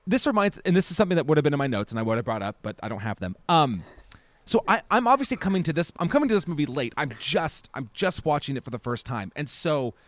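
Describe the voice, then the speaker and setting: A man's voice: on the high side, big pitch swings, quick pace, no echo. A man co-hosting a podcast, chatting casually about a film in a rambling, enthusiastic way with many restarts. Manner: rambling, self-correcting, enthusiastic. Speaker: podcast co-host.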